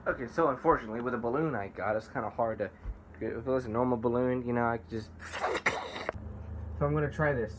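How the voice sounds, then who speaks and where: A man vlogging casually to the camera in a playful, excitable way, by his car outdoors. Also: medium pitch, fast, pauses often, background noise. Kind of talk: casual vlog talking to camera.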